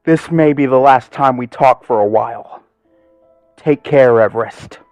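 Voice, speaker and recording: A man's voice: mid-range voice, unhurried, music in the background, pitched above the performer's own voice, natural voice. A man voicing a young male Labrador pup who sounds drained, grim and vengeful.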